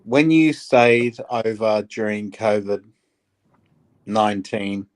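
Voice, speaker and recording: A man's voice: on the low side, slow pace. A man chatting on a live stream as a guest, asking pointed questions with a wry sense of humor. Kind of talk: casual chat.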